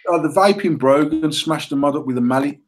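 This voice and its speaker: A man, co-hosting a casual banter podcast, talking in a sweary, excitable way and laughing often. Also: a little high, brisk, low-quality recording. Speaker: podcast co-host, mod company owner.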